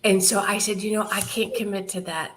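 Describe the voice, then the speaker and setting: A woman in an interview telling her charity's story in an animated way, laughing often and quoting what others said. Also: medium pitch, brisk, a crowd in the background. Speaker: charity founder guest.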